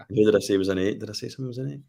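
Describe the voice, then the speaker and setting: A man's voice: on the low side, racing, creaky, warm tone. A man with a Scottish accent chatting casually, thinking aloud and asking questions. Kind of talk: casual chat.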